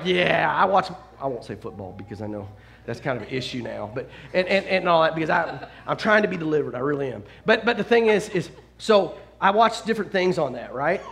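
Male pastor, middle-aged, lively swooping delivery, high voice, jokey self-deprecating sermon. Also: vocal fry. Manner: animated, self-deprecating storytelling with frequent restarts.

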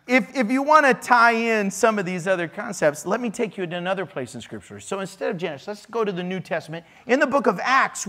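Guy preaching in church, pretty high voice, laid back and jokey, jumps way up and down when he gets going. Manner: casual, joking preaching with frequent laughs; animated swings in pitch and loudness. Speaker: pastor. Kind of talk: sermon.

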